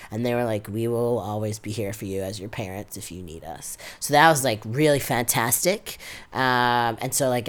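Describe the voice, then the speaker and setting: A man's voice: medium pitch, smooth. A young adult man with a New York accent, telling a personal story in an interview, full of "like" fillers and quoted dialogue. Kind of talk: oral history interview.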